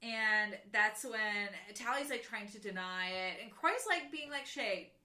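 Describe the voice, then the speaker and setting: A woman's voice: fairly high pitch, animated, measured pace, bright, forceful tone, reverberant. A young woman co-hosting a book podcast, chatting casually and acting out characters' lines. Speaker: podcast co-host.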